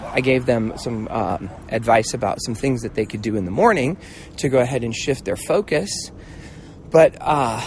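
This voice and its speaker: At a medium pitch, this middle-aged mentor and host shares stories in a loose, lively style, doing voices for the characters and letting the occasional curse slip. There's a little hiss or hum in the recording.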